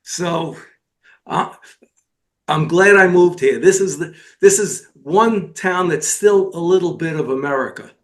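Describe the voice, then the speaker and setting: A man's voice: a little high, measured pace. A man in casual talk-show chat, rambling through a long anecdote with frequent restarts. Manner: rambling storyteller, meandering with restarts.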